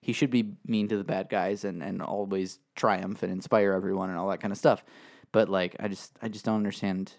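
A man's voice: sits low, little pitch movement, fairly quick, vocal fry, darkish tone. A man co-hosting a podcast, talking casually and rambling with many fillers and restarts. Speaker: podcast co-host.

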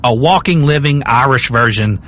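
A man's voice: mid-range voice, moderate pace, slight background noise. A young adult man co-hosting a podcast, casually telling a true crime story with jokes and restarts. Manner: animated, rambling, jokey, with many restarts.

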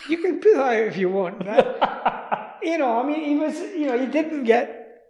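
A man's voice: very high-pitched, expressive, measured pace, a little mellow, in a large hall. A Scottish man chatting as a radio guest, rambling with plenty of asides. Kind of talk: casual radio chat.

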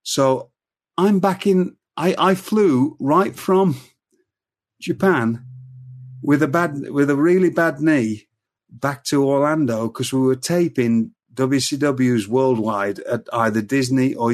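An older man with an English accent speaks slowly at a medium pitch. He's a podcast guest chatting casually, telling anecdotes and laughing at his own jokes.

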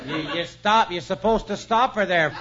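A man hosting 1950s radio comedy banter in a smooth, easygoing way. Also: high-pitched, moderate pace, heavy background noise. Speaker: host. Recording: dull old radio broadcast with audience.

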